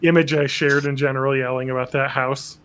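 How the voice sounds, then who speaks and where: A man's voice: medium pitch, flat delivery, a little fast, a bit bright. A man casually chatting as a podcast host, rambling with crude jokes and acting out quotes. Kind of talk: casual chat recapping a cartoon episode.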